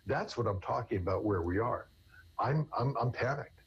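Man, therapist guest, husky low voice, earnest explanations, dull lo-fi sound. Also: animated, moderate pace. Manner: earnest, explains with everyday examples. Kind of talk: conversational interview answers.

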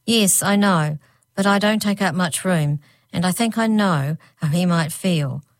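A woman's voice: lowish voice, measured pace, dry recording, natural voice. Woman voicing a grim little hag girl. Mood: earnest. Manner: grim, huffy, earnest. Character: small determined young girl hag.

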